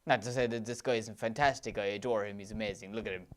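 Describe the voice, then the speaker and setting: Enthusiastic Irish man with a smooth voice. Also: lowish voice, steady tone, fast talker. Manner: enthusiastic, gushing with praise. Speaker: let's play commentator. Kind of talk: gameplay commentary over footage.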